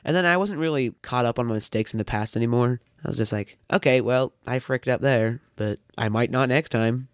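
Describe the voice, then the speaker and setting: A thirteen-year-old boy talks as a podcast guest, rambling through his thoughts with a dry, teasing wit. His voice sits at a middling pitch for a male speaker. The recording is close and dry, with no room sound. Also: brisk, hardly any pauses, clean tone, no room sound. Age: teens. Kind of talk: casual chat.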